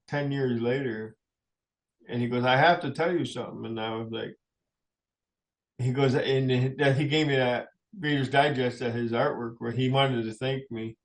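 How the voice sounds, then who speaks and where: A middle-aged man, a musician guest in a radio studio, tells personal stories in a rambling, anecdotal way with frequent chuckles. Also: medium pitch. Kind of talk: personal storytelling in a radio interview.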